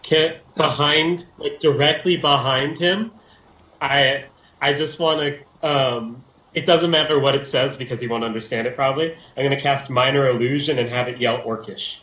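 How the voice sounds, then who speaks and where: A man's voice: mid-range voice, steady tone, normal speed, fairly bright tone, echoey room, dull audio. A man playing a tabletop game, talking in a casual, offhand way. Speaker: player.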